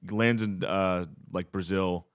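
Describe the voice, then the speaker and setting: A man's voice: sits low, steady tone, takes it slowly, clear, resonant tone, dry recording, clean studio sound. A man from Pennsylvania, a podcast guest, telling a history story in a laid-back, profane, casual way.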